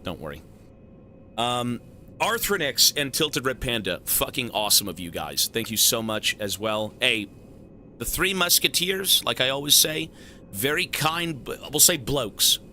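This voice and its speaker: A man live-streaming a game who thanks his viewers with loud, swearing, joking banter. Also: medium pitch, very animated, unhurried, slight background noise. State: has a headache.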